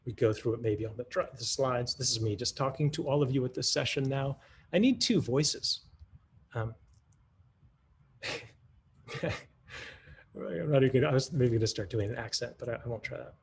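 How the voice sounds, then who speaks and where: A man's voice: mid-range voice, normal speed, gravelly, pauses often, a little hiss or hum. A man giving a conference talk that models a math lesson, in a teacherly way, thinking aloud with restarts and rhetorical questions. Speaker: math curriculum presenter.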